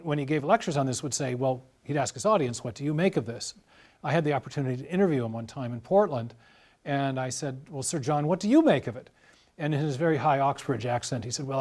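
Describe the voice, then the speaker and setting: A man as an interview guest, explaining carefully in a measured, lecturing way with worked examples. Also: mid-range voice, a little mellow. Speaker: guest scientist.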